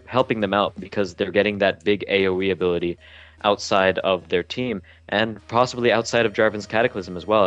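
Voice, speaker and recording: A man's voice: fairly low pitch, a bit bright, no echo, highs cut off. A man casting a live esports match, often tripping over his words and restarting sentences. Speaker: esports caster.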